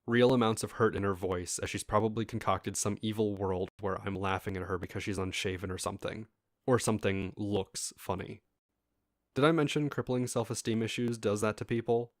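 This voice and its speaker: A man with a fairly low voice reads a first-person story aloud in an easy, casual way. He breaks off now and then to talk straight to his listeners. The sound is dry and close, with no room echo. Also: steady tone, fairly quick. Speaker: story reader.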